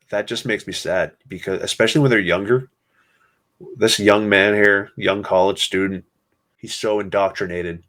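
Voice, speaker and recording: A man hosting a solo podcast, talking in a somber, sarcastic way with many pauses. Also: fairly low pitch, a bit bright. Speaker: podcast host.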